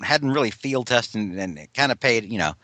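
A man's voice: medium pitch, lively intonation, a little fast, pushed and bright, no room sound. A man co-hosting a casual podcast, retelling a comic story and acting out the characters' lines. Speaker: podcast co-host. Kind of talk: casual chat recapping a comic.

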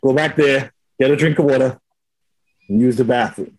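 A man in casual chat, telling a story in an animated way and acting out the lines of the people in it. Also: medium pitch, moderate pace, no echo, low-quality recording. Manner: animated storytelling, acts out quotes with swearing.

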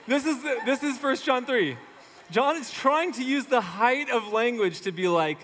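A man's voice: very high-pitched, lively intonation, a little slow, fairly bright tone. Male pastor preaching in a reverberant hall. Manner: casual, conversational preaching. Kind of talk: sermon.

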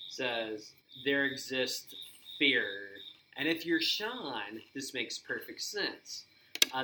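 A man co-hosting a podcast, excitedly recapping events and acting out quoted lines in casual chat. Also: mid-range voice, a little hiss or hum, rough recording. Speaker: podcast co-host.

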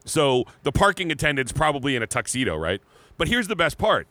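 A man co-hosting a podcast, telling a story in casual chat, animated and laughing, often restarting his words. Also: a little high, brisk, no echo. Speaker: podcast co-host.

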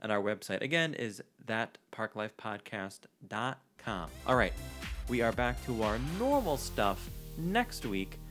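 A man's voice: fairly low pitch, big pitch swings, measured pace, fairly bright tone, faint music behind. A man hosting a podcast, chatting casually and rambling with fillers. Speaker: podcast host. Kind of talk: casual chat.

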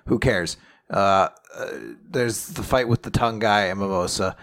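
A man casually recapping an anime chapter on a podcast, rambling with lots of fillers and quick paraphrases. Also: on the low side, a bit bright.

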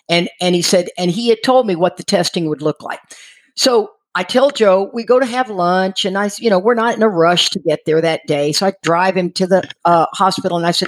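A woman's voice: lowish voice, normal speed. A middle-aged woman telling a personal story casually, acting out what people said and laughing as she goes. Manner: lively, laughing, acts out quoted voices. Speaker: storyteller sharing her recovery story.

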